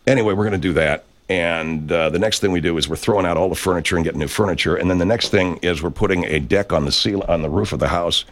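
A man's voice: sits low, quick pace, hardly any pauses. A middle-aged man hosting a livestream, reading chat and rambling casually with plenty of profanity.

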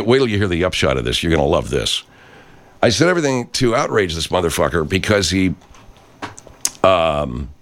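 A man hosting a show, ranting in a brash, foul-mouthed, rambling monologue. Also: low voice. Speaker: host. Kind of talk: profane rant monologue.

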